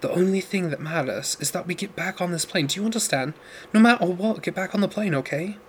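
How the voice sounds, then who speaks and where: An earnest young woman courier, urgent and low-voiced, as a male reader puts her on. She speaks softly and deliberately, her pitch nudged a little high. Faint background noise sits under the voice. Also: lightly acted. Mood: hushed. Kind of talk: audiobook character voice.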